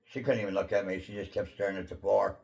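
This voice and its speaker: A man with a low, gravelly voice talks through his own life story as the host of his channel. He rambles casually, leaning on fillers and clearing his throat often. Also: steady tone, fast, darkish tone, lo-fi sound. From Pacific Northwest of the USA.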